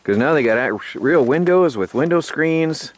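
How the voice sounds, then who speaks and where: A man's voice: on the high side, expressive, normal speed, heavy background noise. A man vlogging from his snowy homestead, chatting in a rambling, casual way and sometimes out of breath from the cold and hauling firewood. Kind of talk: casual vlog narration. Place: outdoors in snow at a homestead. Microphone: handheld camera mic.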